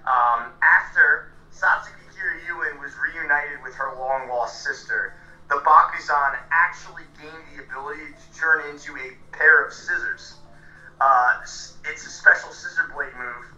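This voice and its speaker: A man's voice: a little high, measured pace, sharp tone, faint music behind. A man playing a tabletop game, explaining his move at length with fillers, heard from a distance in an echoey room with a dull sound. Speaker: player. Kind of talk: casual tabletop game play. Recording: dull, echoey, far from the mic.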